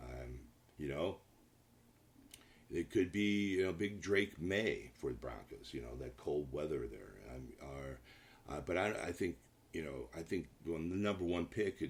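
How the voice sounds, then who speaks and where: Very deep-voiced man rambling about football. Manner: rambling, many restarts and fillers, emphatic. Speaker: show host, sports analyst. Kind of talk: casual solo sports talk.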